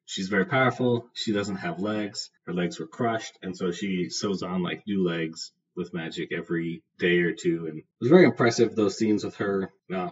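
A man with a lowish voice chats through a book review as a podcast host, rambling and loose, with plenty of fillers. He sits a bit back from the mic, and the sound is dull and lo-fi with a faint hiss underneath. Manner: casual, rambling, filler-heavy. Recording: distant, dull lo-fi with faint noise.

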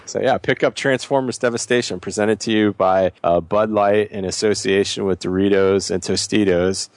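Man, podcast host, low voice, dry sound, rambling jokes, casual. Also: fairly even intonation, moderate pace, no room sound. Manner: rambling, many restarts, joking. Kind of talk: casual chat.

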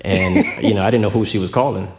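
A man's voice: fairly low pitch, steady tone, fast talker, noisy background. A young man from Miami whose first language was Haitian Creole, telling stories in a casual interview and acting out the voices. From Miami, Florida. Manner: storytelling, acts out voices with laughter. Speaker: bandleader. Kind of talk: casual radio interview chat.

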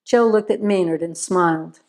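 A woman reading a crime story aloud in a steady, measured narration. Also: lowish voice.

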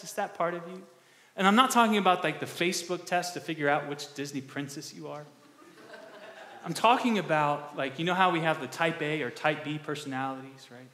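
A male pastor preaching a conversational sermon, asking the congregation questions and restarting words in quick bursts. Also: on the high side, a bit bright. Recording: echoey hall with long reverb.

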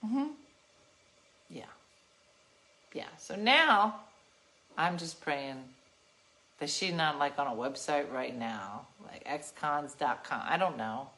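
A middle-aged woman telling a story to her livestream viewers in an animated, sassy way, laughing often. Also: deep voice, takes it slowly, pauses often. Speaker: livestream host.

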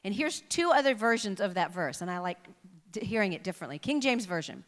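A woman's voice: medium pitch, animated, fast talker. A woman preaching a sermon, reading scripture expressively and building her emphasis as she goes. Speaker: pastor. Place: church sanctuary. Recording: reverberant hall.

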